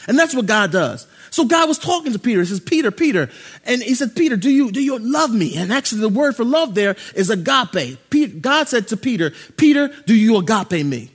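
A male pastor preaching a sermon, swinging from loud, excited preaching to low, hushed tones. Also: fairly quick, breathy edge.

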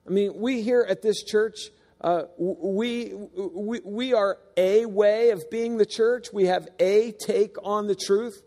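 A man's voice: high-pitched, fairly even intonation, takes it slowly, darkish tone, in a large hall. A man preaching a sermon, earnest and emphatic, stressing key words and sometimes restarting his sentences. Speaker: pastor. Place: church sanctuary.

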